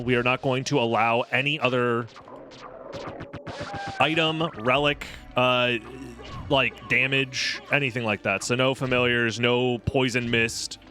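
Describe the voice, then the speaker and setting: A man's voice: mid-range voice, pushed and bright. A young man streaming a video game, chatting casually with his viewers in a snarky, sarcastic way and swearing freely. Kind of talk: casual live-stream gaming chat.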